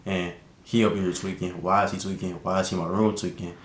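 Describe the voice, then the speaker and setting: A young man telling a casual storytime vlog, slangy and animated, with lots of fillers. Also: fast talker. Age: young adult. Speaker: vlogger. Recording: echoey room with faint rumble.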